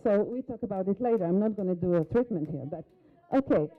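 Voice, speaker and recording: A woman whose first language is Hebrew runs a hands-on workshop demo. She guides a volunteer with brisk prompts and direct questions, at a middle pitch. The audio is thin and tinny, like a phone line in a conference hall. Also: lively intonation. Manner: coaching, short instructions and questions to a volunteer. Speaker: workshop facilitator. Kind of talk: live workshop demonstration.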